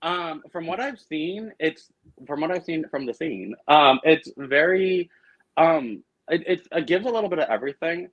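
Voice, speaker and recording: A man with a Boston accent, chatting casually as a podcast guest and telling animated stories full of fillers. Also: fairly high pitch, no echo, dull audio. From Argentina. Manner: animated, quick storytelling with lots of fillers. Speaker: drag performer guest.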